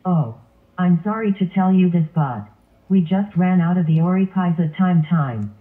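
Cartoon bit part: a man doing a polite, stiff cashier, high voice, tinny phone-like sound. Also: animated, moderate pace.

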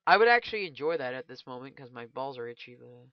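Crude, excitable man trash-talking over gameplay. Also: mid-range voice, quick pace, clear, resonant tone, no echo, muffled recording. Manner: crude, joking trash talk with excitable outbursts. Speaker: gaming channel host. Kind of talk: casual gameplay commentary.

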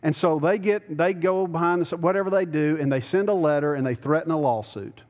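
Pastor preaching in a reverberant church. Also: male voice, on the high side, brisk, hardly any pauses, a little mellow. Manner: conversational preaching, rising to emphatic pleading. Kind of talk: sermon. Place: church sanctuary.

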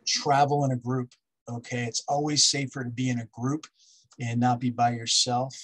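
A man delivers a wildlife safety lecture in a husky, mid-range voice. He talks in an instructive way, repeating the key steps and pausing to ask "okay?" as he moves through his list. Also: medium pitch, flat delivery, a bit bright, poor audio. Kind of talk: public lecture with slides.

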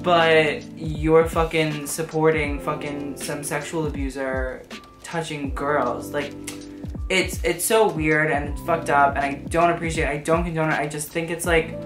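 Woman ranting casually, lots of swearing, sarcastic, low voice, roomy echo and music under it. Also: steady tone, a little slow. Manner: profane, sarcastic, frank. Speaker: fashion vlogger. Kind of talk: casual commentary. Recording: echoey room with background music.

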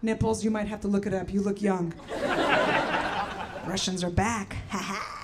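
A middle-aged woman from the former Soviet Union doing a stand-up set, brash and shouting her punchlines with mock-gentle asides. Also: mid-range voice, steady tone, normal speed. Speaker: stand-up comedian. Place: comedy venue with live audience. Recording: loud crowd and room noise. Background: audience laughter.

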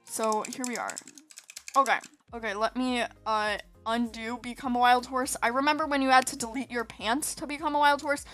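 A woman's voice: fairly high pitch, moderate pace, pushed and bright, dry recording, faint music behind. A woman chatting casually over her gameplay, rambling and giggly, sleepy from staying up. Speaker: gaming video host.

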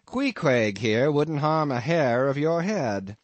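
A man's voice: fairly high pitch, sing-song, slow pace, dry recording, voice pushed up. A man voicing a grinning, teasing male innkeeper who talks in an amused, reassuring way, as an audiobook character voice.

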